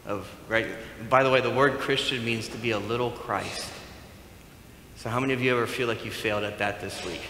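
A man preaching a sermon as pastor, animated and playful, acting out bits of dialogue. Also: medium pitch, a little fast, slight background noise. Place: church sanctuary. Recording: echoey hall with faint room ambience.

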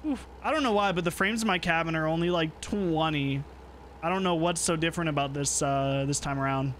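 A man's voice: on the high side, fairly quick, fairly bright tone, slight background noise. A man streaming a truck driving game, chatting casually and thinking aloud, swearing now and then. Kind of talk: casual gameplay chat.

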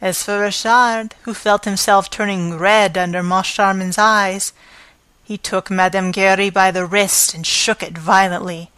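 A woman narrates a classic novel as an audiobook, lingering over every phrase in an ordinary mid-range pitch, a little slowly, with fairly even intonation. Her voice is smooth and a bit bright, recorded close and dry with no room sound.

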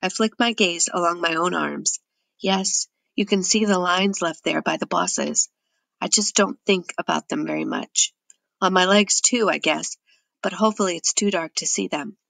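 A woman giving steady, measured first-person audiobook narration. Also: lowish voice, creaky, dry recording.

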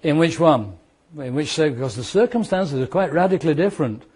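A man gives a law lecture in a husky, slightly raised voice. He keeps the class engaged with rhetorical questions and playful everyday scenarios. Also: a little high, lively intonation, brisk, a little mellow.

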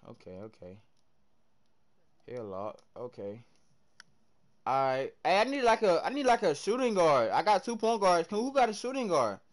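A young man from the American South streaming a game live, chatting with his viewers in hyped, slangy bursts that swing between loud and soft. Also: high-pitched, wildly swooping pitch, normal speed, long pauses.

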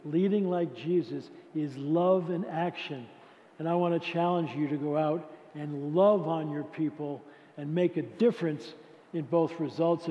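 A man with a high voice gives a faith-based leadership talk in a large conference hall. His words ring out with a long reverb, and the recording sounds muffled and lo-fi. He speaks conversationally and keeps asking the crowd questions. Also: warm tone. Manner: conversational, poses rhetorical questions to the audience. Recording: echoey hall, dull lo-fi sound.

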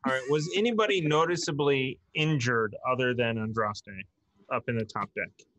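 A man running a tabletop role-playing game as dungeon master, briskly calling out rolls and turns. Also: medium pitch, a bit bright, no room sound.

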